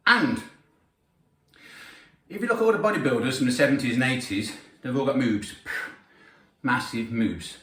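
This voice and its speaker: A man talks through his training in a blunt, opinionated way, swearing freely as he makes his points. His voice sits at an ordinary middle pitch. It bounces around a roomy gym and comes from some distance from the microphone. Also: expressive, moderate pace, pauses often, fairly bright tone. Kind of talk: casual workout vlog talk.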